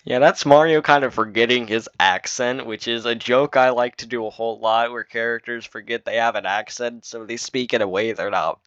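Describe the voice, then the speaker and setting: A man's voice: mid-range voice, fairly even intonation, brisk, few pauses, a bit bright, no echo. A man giving casual commentary on his own video, rambling with lots of fillers and restarts. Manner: rambling, filler-heavy explaining. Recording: dull dry lo-fi mic.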